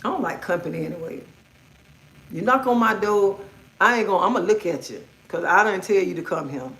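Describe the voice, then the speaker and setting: A middle-aged woman hosts a livestream from home, ranting bluntly and swearing freely in a casual, outspoken way. Her mid-range voice is animated, fairly quick and fairly bright in tone. The room she's in is echoey.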